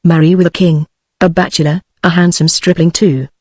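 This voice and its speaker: A woman's voice: on the low side, normal speed, no room sound, clean studio sound, close to an everyday voice. A synthetic British woman reading a bitter scheming duke. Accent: British English. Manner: flat, even synthetic reading.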